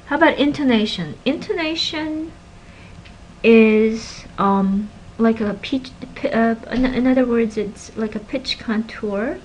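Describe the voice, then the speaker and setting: Woman, linguistics lecturer, animated, middle pitch, faint room noise. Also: poor audio. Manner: animated teacher, stresses example words, drops to soft asides. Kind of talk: recorded classroom lecture.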